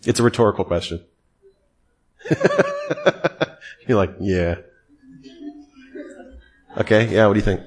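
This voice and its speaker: A man's voice: lowish voice, unhurried, pauses often. Man teaching theology with pointed questions. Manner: questioning, repeats key terms for emphasis. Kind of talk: classroom lecture with questions.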